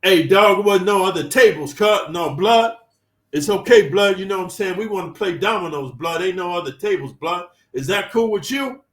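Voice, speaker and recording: A man putting on taunting young gang members in prison, fake-polite and mocking in street slang, pitched well above the teller's own voice. The sound is roomy and distant. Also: brisk, few pauses, lightly acted.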